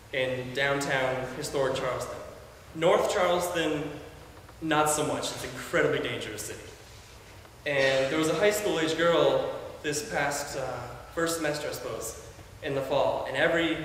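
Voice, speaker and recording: Young man preaching in an echoey hall. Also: a bit bright. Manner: earnest storytelling, voice drops low for quotes. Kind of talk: sermon. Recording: echoey hall from far off, faint hiss.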